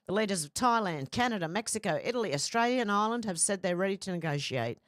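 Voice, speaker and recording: A woman's voice: medium pitch, animated, fast talker, no echo, clean studio sound. A woman hosting casual news commentary, rambling and exclaiming with the odd swear. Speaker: commentary host.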